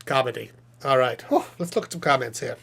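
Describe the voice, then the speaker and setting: A man's voice: mid-range voice, brisk, creaky, a bit bright. A man voicing a cheery, goofy male puppet who hosts a live stream, chatting and joking with viewers. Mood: chipper. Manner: rambling, jokey, chatty with viewers.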